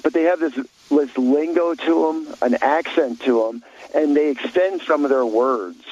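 A man's voice: fairly high pitch, unhurried, darkish tone, muffled recording, slight background noise. A man talking bluntly in an opinionated talk show chat, rambling with many restarts and fillers.

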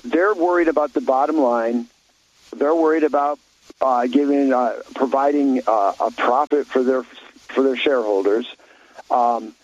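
A man's voice: a little high, a little mellow, lo-fi sound. A man talking bluntly in an opinionated talk show chat, rambling with many restarts and fillers.

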